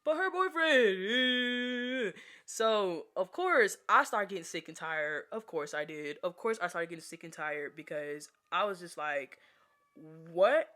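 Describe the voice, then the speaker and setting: A woman's voice: deep voice, expressive, normal speed, few pauses, sharp tone. A young woman telling a casual storytime vlog, chatty and exasperated, with lots of filler words. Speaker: vlogger.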